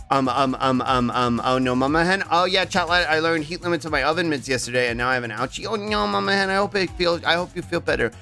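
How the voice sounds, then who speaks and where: A young man chatting casually with his stream viewers, rambling with strings of filler ums and jumping to a squeaky high voice when thanking subscribers. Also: a bit bright. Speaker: live streamer.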